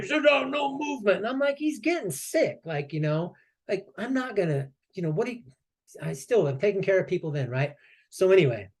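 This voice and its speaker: A man telling a story as a guest on a podcast, at an ordinary pitch for a man. He talks casually and lively, switches into the voices of the people he quotes, and chuckles between lines. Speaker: podcast guest, Navy veteran.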